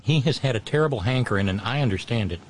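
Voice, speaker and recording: A man hosting a radio show, chatting casually and telling stories in a halting way, full of restarts and wry asides. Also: medium pitch, lively intonation, a little hiss or hum. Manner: chatty storyteller, wry and self-deprecating. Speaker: radio host. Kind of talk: casual on-air chat.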